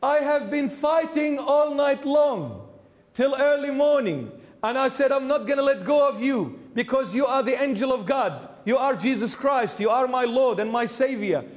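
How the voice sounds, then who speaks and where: A man's voice: normal speed, big-room sound. A preacher voicing an exhausted man who wrestled all night and indignantly demands his blessing. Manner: shrill, indignant, pleading. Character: desperate exhausted male wrestler pleading for blessing.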